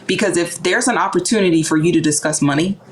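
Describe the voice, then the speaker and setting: Woman, low voice, animated, casual talk, acts out voices. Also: quick pace, poor audio. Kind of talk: casual conversational discussion.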